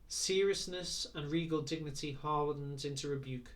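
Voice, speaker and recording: A man reading a novel aloud in a measured, even way. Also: fairly high pitch, recorded from a distance. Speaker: audiobook reader.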